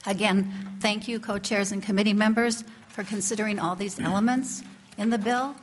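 A woman's voice: medium pitch, moderate pace, slight background noise. Earnest woman presenting a bill. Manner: earnest and steady, reading prepared remarks. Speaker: bill sponsor, legislator.

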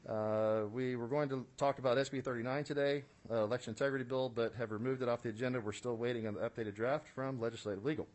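Quick and with hardly any pauses, this man speaks in a mid-range, darkish voice with fairly even intonation. As state senate committee chair, he leads a formal legislative hearing from a committee room, procedural and businesslike, peppered with "uh" fillers and occasional dry asides.

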